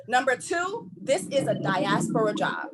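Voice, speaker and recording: A woman's voice: on the high side, big pitch swings, measured pace, noisy background. A woman from Haiti speaking on a panel, emphatic and blunt, swearing freely as she makes her points. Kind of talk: impassioned panel talk.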